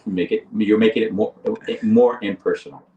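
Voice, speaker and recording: A man co-hosting a live talk show, explaining ideas deliberately and often restarting his phrases. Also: on the low side, steady tone, far from the mic, dull audio, slight background noise. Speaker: podcast co-host. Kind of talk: reflective conversational explaining.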